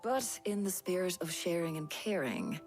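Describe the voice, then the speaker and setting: An actress playing a wry young herbalist ally in a video game. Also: female voice, lowish voice, expressive, moderate pace, darkish tone, faint music behind.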